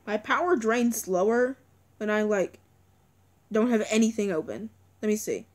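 A young woman with a mid-range voice speaks at normal speed while doing let's-play commentary on a video game. A gaming video creator, she sounds anxious and pleading, often repeating words and crying out.

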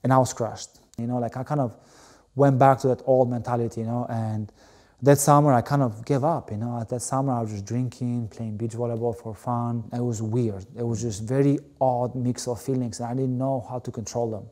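A middle-aged man from Albania, a former Olympic volleyball player, telling his story in an interview, animated and full of fillers like "you know.". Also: mid-range voice, brisk.

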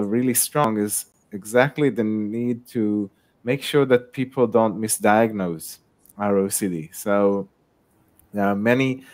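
A man from Israel with an Israeli accent, speaking as a panelist in a live discussion over a video call, halting, with many fillers and restarts. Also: on the low side. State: sleepy, late at night. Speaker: researcher panelist.

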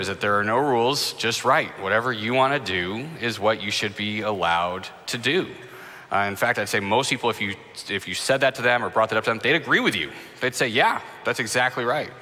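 A man's voice: on the low side, bright, forceful tone. A young adult man preaching a sermon in a church, in a conversational, lightly humorous way. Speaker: pastor. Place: church sanctuary. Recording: long reverb of a large hall.

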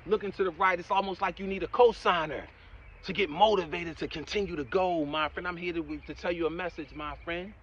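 A man giving a motivational talk in a preachy, encouraging way, often saying "my friend" and "right?", and swinging between loud emphatic bursts and quiet asides. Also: a little high, a little fast, dull audio, a little hiss or hum. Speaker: motivational speaker.

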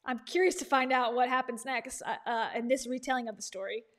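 Sarcastic high-voiced woman commentator. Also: fairly quick. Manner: sarcastic, chatty, laughing asides. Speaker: commentary host. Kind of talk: casual reaction commentary.

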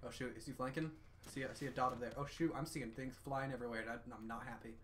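A young man chatting while he games, nervous and self-mocking, breaking into quick exclamations. His voice sits at a middle pitch. A faint hiss runs under the recording. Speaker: guest gamer. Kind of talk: casual gaming chat. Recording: faint background noise.

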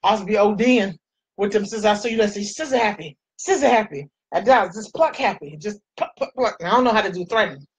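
A woman's voice: mid-range voice, fast talker, breathy edge, poor audio. A woman in her forties chatting playfully with viewers while she does her makeup. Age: 40s. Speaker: makeup vlogger. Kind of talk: casual chat while doing makeup.

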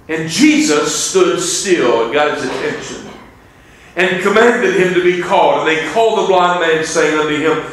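A man preaching a revival sermon in a fervent, conversational way, dropping into old-style wording when he reads scripture. His voice sits fairly high for a man. The sound rings with heavy echo from the church sanctuary around him. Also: normal speed, a bit bright. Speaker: evangelist preacher.

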